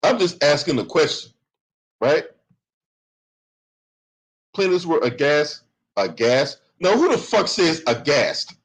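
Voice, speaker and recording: A man's voice: a little high, sing-song, slow pace, long pauses, breathy edge, rough recording. A male commentary host reading a lawsuit aloud and mocking it. His delivery is profane and sarcastic, full of scornful asides. He swings between plain reading and heated ranting.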